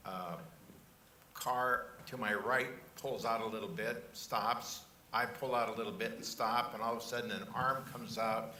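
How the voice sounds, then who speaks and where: An older man hosting an interview who speaks in a measured way, with pauses and fillers. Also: lowish voice, steady tone, sharp tone, a little hiss or hum. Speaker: host. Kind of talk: interview questions and anecdote. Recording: echoey room, distant mic.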